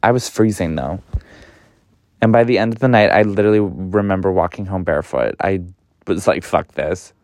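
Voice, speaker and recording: Speaking a little fast, the young podcast host dishes out a casual, gossipy tale with lots of swearing and sudden pitch jumps. The audio is clean studio sound with no room tone.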